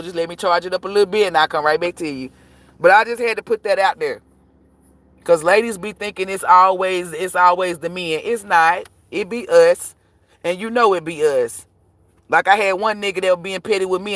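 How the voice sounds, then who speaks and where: A woman's voice: medium pitch, a bit bright, dry recording. A woman tarot reader giving blunt, profane, preachy advice in a live-stream rant to her viewers.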